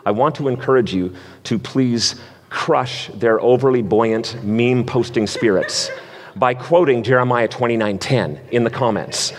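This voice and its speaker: Male pastor, mid-range voice, lively quiz-host energy in a reverberant sanctuary. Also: medium pitch, unhurried. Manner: playful, energetic game-show hosting. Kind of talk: sermon. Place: church sanctuary. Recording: long hall reverb.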